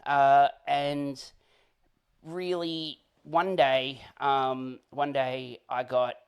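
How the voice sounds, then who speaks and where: An Australian man at an everyday middle pitch, telling a casual story in a relaxed interview. He rambles along with plenty of fillers and breaks into small laughs as he goes. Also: very slow, clear, resonant tone. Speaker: interview guest, comedian.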